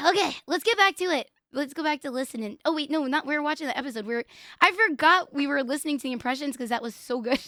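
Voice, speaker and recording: A bright, high-voiced young woman hosting a live stream. She reacts in excited bursts, swearing freely and dissolving into laughs. Her voice sounds close and dry. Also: fast, no echo. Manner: excitable, profane, breaks into laughter. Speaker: livestream host. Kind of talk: casual stream reaction commentary.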